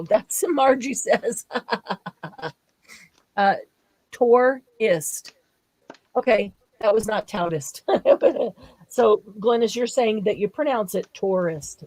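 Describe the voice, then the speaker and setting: Woman, craft livestream host: relaxed, unhurried delivery, giggly, chatty with viewers. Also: medium pitch, dry recording, poor audio. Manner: giggly, laughs often while talking. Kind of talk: casual livestream chat, reading viewer comments aloud.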